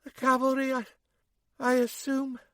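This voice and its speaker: A woman's voice: sits high, completely flat delivery, measured pace, dry recording, pitched above the performer's own voice. A man voicing a wounded young woman who keeps a dry sense of humour, speaking faintly and breathily. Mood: weak, wry. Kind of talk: audiobook character voice.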